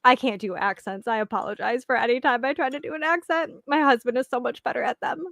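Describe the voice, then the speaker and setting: A woman's voice: a little high, fast talker, creaky, fairly bright tone, no echo, studio quality. A young woman chatting casually with viewers as the host of a reading sprint stream, rambling and giggling with lots of fillers.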